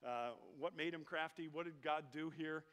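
A man's voice: fairly high pitch, normal speed, a bit bright, clean tone. A middle-aged man preaching a sermon in a conversational, joking way, often asking his listeners questions. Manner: conversational, jokey, asks the congregation questions. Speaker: pastor.

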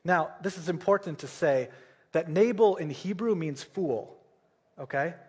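Man, preacher, casual sermon storytelling, rhetorical check-ins, husky tone. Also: on the high side, a little slow, a little mellow. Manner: casual, asks rhetorical checks like "right?" and "okay?".

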